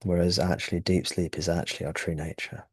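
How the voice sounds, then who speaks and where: A man's voice: low voice, flat delivery, brisk, slightly rough, dry recording, studio quality. A man teaching at a satsang, explaining ideas thoughtfully and often restarting his phrases. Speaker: spiritual teacher. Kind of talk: satsang talk.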